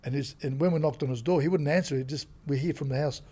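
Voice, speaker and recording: An Australian man, a comedian and actor, chatting as a podcast guest and telling animated stories. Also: on the high side, fast talker. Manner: animated storyteller who acts out quotes. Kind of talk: casual interview chat.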